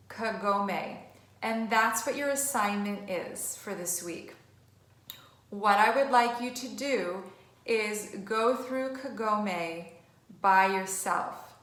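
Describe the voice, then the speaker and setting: A woman's voice: medium pitch, a bit bright. A woman music teacher giving an online lesson, encouraging and chatty. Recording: echoey room.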